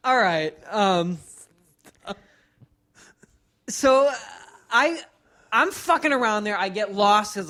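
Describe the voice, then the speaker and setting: A man's voice: high-pitched, a bit bright. A man in his thirties, a podcast co-host rambling through a funny story and doing the voices of the people he quotes. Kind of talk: casual storytelling chat.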